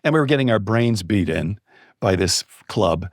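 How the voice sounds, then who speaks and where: A middle-aged man telling a personal anecdote as a guest on a podcast interview, building excitement as he goes. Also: on the low side, normal speed, no room sound, clean studio sound. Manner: lively storyteller, building excitement. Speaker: guest speaker on storytelling.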